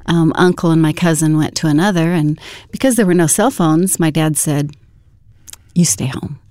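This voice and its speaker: Mellow-voiced woman recounting a story. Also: low voice, fairly quick, no room sound, clean studio sound. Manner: conversational, full of fillers and self-corrections. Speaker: guest telling her story. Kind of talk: personal testimony storytelling.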